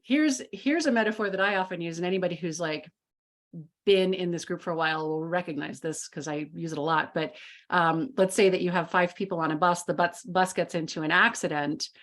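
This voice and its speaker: A woman's voice: on the low side, fairly quick. A woman hosting a casual group discussion on a video call, chatty, with frequent fillers and easy laughter. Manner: chatty, laughs often, many "like" and "you know" fillers. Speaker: mastermind group host.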